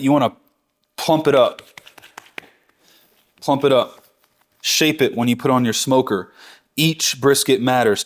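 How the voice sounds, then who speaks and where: Chatty, enthusiastic man teaching barbecue. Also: medium pitch. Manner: enthusiastic, chatty, self-correcting. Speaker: barbecue instructor. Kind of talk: real-time cooking tutorial.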